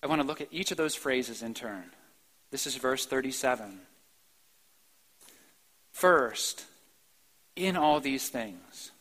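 A man preaching a sermon in a church, swinging between soft, slow passages and sudden loud, emphatic outbursts. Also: medium pitch, animated, poor audio. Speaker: pastor. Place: church sanctuary, live-streamed.

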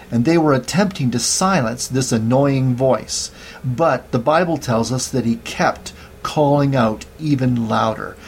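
A man delivers a sermon in a calm, measured voice of middle pitch. He reads scripture aloud and cites each verse as he goes. A faint hiss of noise sits under the recording. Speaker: preacher.

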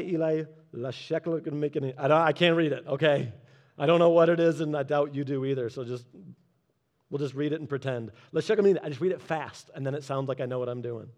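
Conversational preacher with a lightly raised voice. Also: male voice, on the high side. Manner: conversational preaching with humorous asides, drops quiet and slow for solemn points. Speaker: pastor. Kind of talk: sermon.

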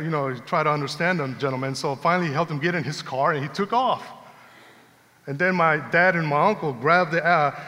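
A man preaching a sermon, telling a personal story in a conversational, animated way. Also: a little high, a little fast. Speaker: pastor. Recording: long hall reverb.

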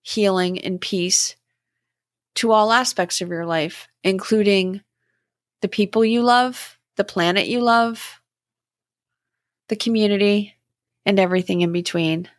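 Woman, middle-aged, podcast host, reflective spiritual talk, very slow, gentle, dry recording. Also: medium pitch, dry recording.

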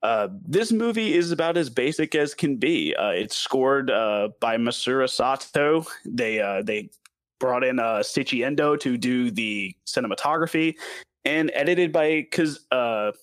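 A man with a Southern US accent talking through a film in a casual review chat, lively and quick to laugh. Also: mid-range voice, no echo. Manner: animated, laughs often, stumbles over names.

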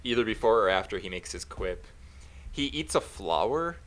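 A man's voice: fairly low pitch, expressive, normal speed, a bit bright. A man co-hosting a podcast, making wry comments in casual chat and laughing between them. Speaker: podcast co-host.

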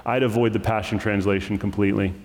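Choked up with emotion, a male pastor preaches in a slightly low voice, speaking to his congregation casually and dropping in asides and quick self-corrections. A long hall reverb trails his words, like a church sanctuary.

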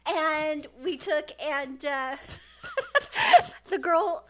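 High, bright-voiced laughing mom. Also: female voice, animated, very slow, a little hiss or hum. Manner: laughs often while telling stories. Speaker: podcast co-host, mother. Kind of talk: casual storytelling chat.

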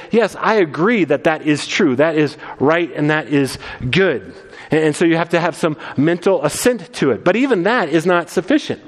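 A pastor preaching an earnest sermon, explaining scripture verse by verse, often repeating the first words of a phrase. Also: male voice, on the high side, big-room sound.

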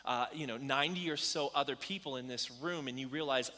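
A man's voice: fairly high pitch, fairly quick, few pauses, pushed and bright. A man preaching a sermon to a congregation in a church hall, telling a story in a casual, conversational way with ums and likes. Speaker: pastor. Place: church hall with about ninety people.

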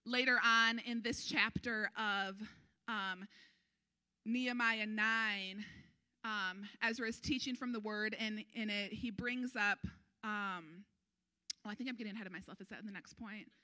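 A woman pastor preaching a sermon, earnest and animated, urging her congregation on. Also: measured pace. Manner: animated, acts out crowd voices with sudden high pitch.

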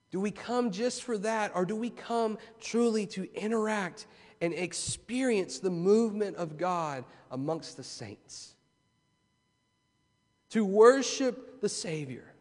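A man's voice: sits high, in a large hall. A man preaching a sermon as pastor, repeating key phrases with rising intensity in a church. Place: church sanctuary.

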